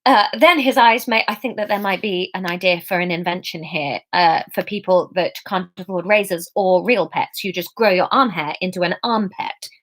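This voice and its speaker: A woman's voice: lowish voice, moderate pace, few pauses, fairly bright tone. A woman reading her own comic novel aloud, breaking off for playful, chatty asides.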